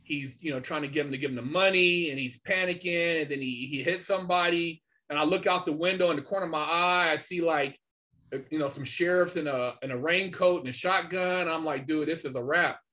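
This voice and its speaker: A middle-aged man telling a story casually and animatedly, swearing often and filling pauses with "you know" and "man". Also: fairly high pitch. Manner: animated, swears a lot, many fillers. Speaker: podcast guest.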